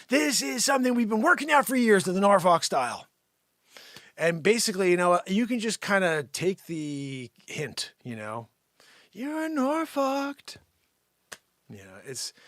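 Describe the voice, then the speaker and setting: A man hosting an improvised comedy news bit, loudly ranting with sudden shouts and then dropping to low mumbled asides. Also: no echo, studio quality. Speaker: comedy show host.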